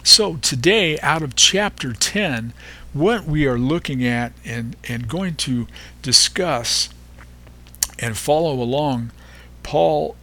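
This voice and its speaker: A man hosting a devotional podcast, reading and explaining Bible verses in an unhurried way, pausing often and stressing repeated words. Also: medium pitch, sharp tone. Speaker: podcast host teaching the Bible.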